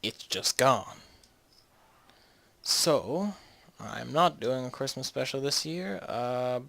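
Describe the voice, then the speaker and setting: Gravelly-voiced man rambling over a strategy game. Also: mid-range voice, expressive, slow pace, pushed and bright, no room sound. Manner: rambling, jokey, trails off mid-sentence. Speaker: gaming video host. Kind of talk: casual strategy-game commentary.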